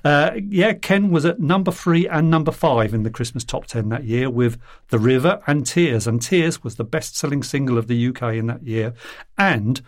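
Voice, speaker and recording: A man's voice: medium pitch, moderate pace. A male quiz writer going through questions and answers on a podcast. He reads in a jokey, teasing way, like a quizmaster.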